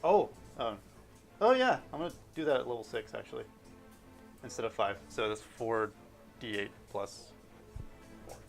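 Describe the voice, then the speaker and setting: Male player, gravelly mid-range voice, casual and self-correcting at the table. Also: mid-range voice, big pitch swings, normal speed, pauses often, faint music behind. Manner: thinking aloud, self-correcting. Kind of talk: casual tabletop game play.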